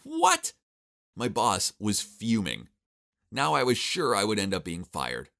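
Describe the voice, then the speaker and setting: A young man narrates his own animated story in a wry, exasperated tone. His voice sits on the low side but swoops widely as he tells it, punctuated by groans and asides. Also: a little slow, vocal fry. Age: young adult. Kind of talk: scripted first-person story narration.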